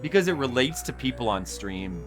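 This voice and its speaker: A man's voice: mid-range voice, sing-song, moderate pace, over music. A man streaming a game, rambling and self-deprecating as he chats with his viewers. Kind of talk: casual live-stream chat.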